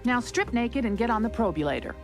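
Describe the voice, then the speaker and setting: A sound clip from an animated show in which an actor plays a cold, matter-of-fact alien captor giving flat orders. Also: medium pitch, fast talker, soft background music. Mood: deadpan.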